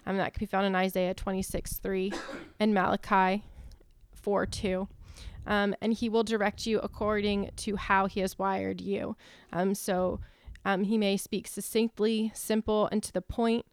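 Woman, clear smooth voice, flat delivery, dry mic; measured reading of teaching points. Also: medium pitch, no room sound. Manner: steady, measured, cites verses one after another. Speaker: church co-host.

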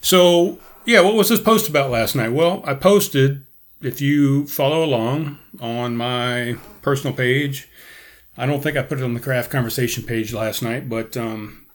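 A man's voice: mid-range voice, a little slow. A man hosting a podcast as a casual livestream from home, rambling and correcting himself and laughing at his own slips. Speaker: podcast host. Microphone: headphones and camera, live stream.

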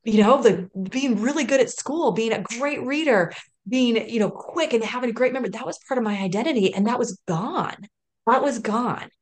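A woman's voice: fairly high pitch, animated, moderate pace. A woman in her thirties telling a personal story in an interview, earnest and emotional, often restarting sentences and laughing. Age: 30s. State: close to tears at moments. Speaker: podcast guest.

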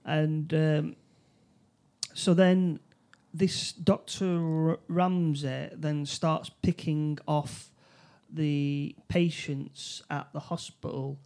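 A man recapping a film plot in casual chat, halting, with many restarts and fillers. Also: a little high, flat delivery, darkish tone. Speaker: film review co-host.

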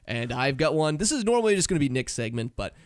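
A man co-hosting a podcast in casual chat, animated and joking, often mimicking voices. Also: fairly high pitch, fast, no echo, clean studio sound. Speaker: podcast co-host.

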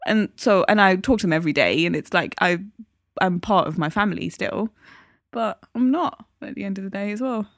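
A woman's voice: mid-range voice, fairly quick, no room sound, studio quality. A woman, co-hosting a podcast and telling stories with feeling. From England. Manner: chatty, emotional storytelling. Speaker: podcast co-host. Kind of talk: casual chat.

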